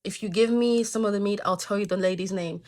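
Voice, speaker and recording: A woman voicing a sneaky fish who coaxes in a low, soft voice. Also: fast talker, lightly acted. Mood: coaxing. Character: sneaky fish, smooth false promiser.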